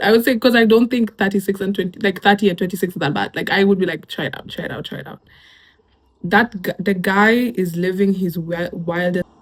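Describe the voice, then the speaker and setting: A young woman from Kenya with a Kenyan accent, a YouTuber reading online posts aloud and chatting about them casually. She laughs often and drops Swahili slang into her talk. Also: mid-range voice.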